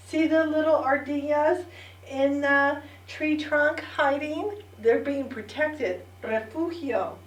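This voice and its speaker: A middle-aged woman teaching a bilingual children's lesson, repeating words clearly and prompting the listeners to say them back. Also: high-pitched. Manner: slow, clear repetition with call-and-response prompts. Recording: echoey room, distant mic.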